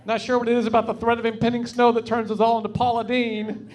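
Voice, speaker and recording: A man's voice: extremely high pitch, monotone, fast talker, darkish tone. A man with a Southern US accent from North Carolina doing a stand-up comedy set on a club stage, telling folksy, wry stories into a stage mic. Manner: folksy, wry storytelling delivery.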